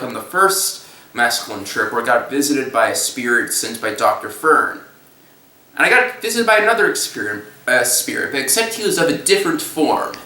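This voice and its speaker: A young man tells a rambling story in a casual, halting way, restarting his sentences often. His voice has a bright edge. He sounds a little away from the mic, in a roomy, echoey space. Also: medium pitch, far from the mic. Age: young adult. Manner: halting, restarts, breaks into silly voices and laughs. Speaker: storyteller recounting a trip.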